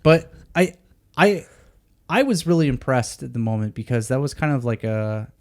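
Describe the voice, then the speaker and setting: A man's voice: medium pitch, moderate pace. A man in his thirties, a podcast co-host, telling a story in a casual chat and acting out the dialogue. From United States. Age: 30s. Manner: animated, acts out the dialogue of people in his story.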